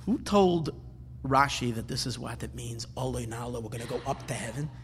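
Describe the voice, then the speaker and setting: A man's voice: medium pitch, fairly quick, a little hiss or hum. A man teaching a Torah class, asking questions and rising into emphatic bursts. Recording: hall reverb with faint ambience.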